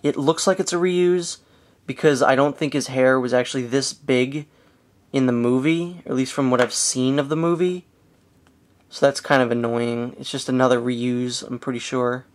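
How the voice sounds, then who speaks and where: Guy chatting thru a toy review, mid pitch, lots of uhs and "pretty sure". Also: normal speed. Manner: hedging, relaxed, with frequent fillers. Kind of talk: casual product review.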